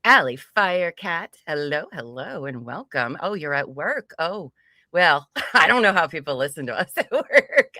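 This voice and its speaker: A woman's voice: low-pitched, sing-song, normal speed, sharp tone, dry recording. A woman co-hosting a casual livestream, greeting viewers by name with frequent giggles. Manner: bubbly, giggly, reads chat names aloud. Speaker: livestream co-host.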